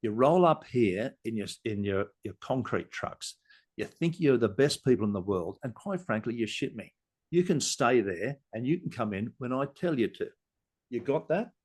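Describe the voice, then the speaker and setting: A man's voice: medium pitch, expressive, normal speed, a little mellow, lightly acted. A man playing a hostile, swearing construction site manager in a role-play, speaking bluntly and with contempt. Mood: contemptuous.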